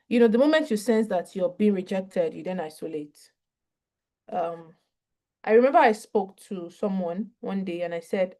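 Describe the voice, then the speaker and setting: A woman giving a mental health training session on a video call, talking in a lively, conversational way and acting out short dialogues. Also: medium pitch. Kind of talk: online training talk.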